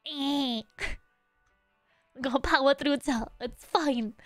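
A woman's voice: sits high, very slow, no room sound, faint music behind. A young adult woman streaming a game, chatting casually and playfully, giggling and humming little nonsense syllables between sentences.

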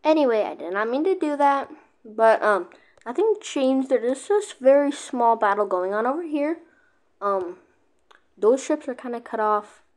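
Excitable woman narrating a strategy game. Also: fairly high pitch, unhurried. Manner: excitable, keeps cutting herself off with "wait". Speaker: gaming video creator. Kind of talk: casual gameplay commentary.

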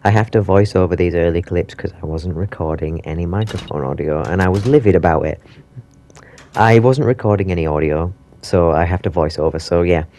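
A man's voice: sits low, fairly quick. Sweary gamer man. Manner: sweary, exasperated, excitable. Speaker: gaming YouTuber. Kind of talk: horror game commentary.

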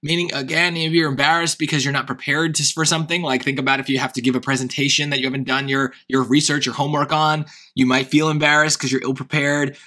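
A man's voice: on the high side, level tone, fast, few pauses, sharp tone. A man with a Long Island accent tutoring SAT reading, thinking aloud through answer choices with frequent hesitations and restarts. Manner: hesitant, self-questioning, many restarts. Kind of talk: thinking-aloud test prep lesson.

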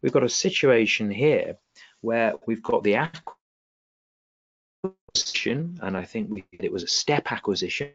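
A man's voice: fairly low pitch, measured pace, long pauses, dull audio. A man teaching an online exam revision webinar, often checking with the class whether things make sense. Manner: animated, questioning the class often. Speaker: exam tutor.

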